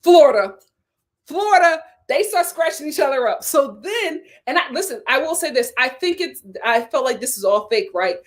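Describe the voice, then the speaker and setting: Woman host doing a casual, animated reality TV recap, high and expressive. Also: normal speed, few pauses. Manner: animated storytelling with acted quotes and laughter.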